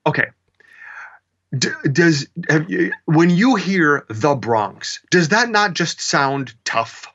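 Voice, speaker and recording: This chatty drag performer from the American Midwest has a bright, somewhat high voice and a Midwestern American accent, and he speaks at a slow pace over dull audio. As an interview guest telling casual stories, he is animated and self-mocking, full of fillers.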